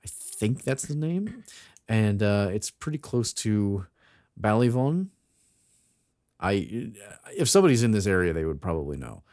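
Low-voiced man reading a folk tale. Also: sing-song, a little slow, darkish tone, dry recording, studio quality. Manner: reads aloud with theatrical voices for quoted characters. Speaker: podcast co-host. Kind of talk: casual chat and reading a folk tale aloud.

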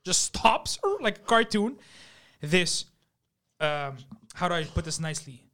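A young podcast host tells stories with a high, bright voice. He is animated and swears freely. His pitch swings widely as he acts out the people in his stories. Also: a little slow. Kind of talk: casual storytelling chat.

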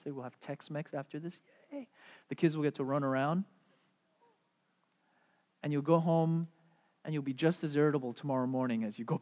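A middle-aged man preaching a sermon as a pastor, telling stories in an animated way and putting on playful voices. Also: on the high side. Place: church sanctuary. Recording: long hall reverb.

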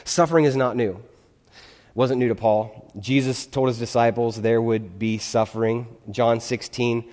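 A man's voice: medium pitch, steady tone, measured pace, darkish tone. A male pastor giving a conversational sermon in a church, often checking in with his listeners. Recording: long hall reverb.

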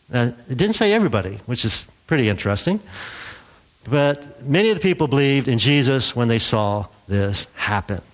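A man preaching a sermon as a pastor, in a relaxed, conversational way. He acts out the quotes he tells and chuckles now and then. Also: mid-range voice.

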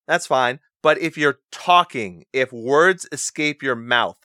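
A man's voice: fairly high pitch, animated, slow pace, hardly any pauses, bright, forceful tone, no room sound, studio quality. A man in casual podcast chat, blunt and profane, ranting with strong opinions. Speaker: podcast co-host.

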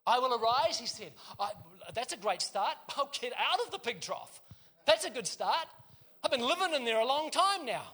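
High, bright-voiced New preacher. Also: male voice, moderate pace. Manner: lively storytelling with joking asides to the congregation. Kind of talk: sermon.

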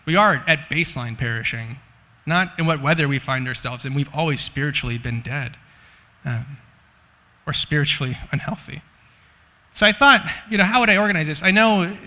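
A man with a fairly high, bright, forceful voice gives a relaxed, chatty Bible teaching. He jokes and fills his talk with "like" and "you know". The sound rings with a long echo, as in a hall. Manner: chatty and joking, many "like" and "you know" fillers. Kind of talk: casual sermon.

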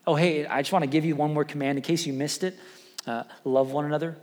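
A man's voice: on the high side, steady tone, fast talker, a little mellow. A pastor in his thirties preaching a sermon in a conversational way, rising to emphatic peaks. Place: church sanctuary. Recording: long church reverb.

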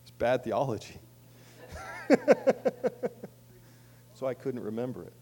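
A man's voice: medium pitch, fairly even intonation, fast talker, mellow. A man preaching a sermon as pastor, conversational, with casual asides and emphatic swells on key lines.

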